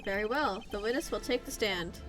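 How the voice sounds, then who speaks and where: A woman's voice: medium pitch, a little fast, a bit bright, soft background music, natural voice. A woman voicing a stern older male judge in a courtroom game, speaking formally.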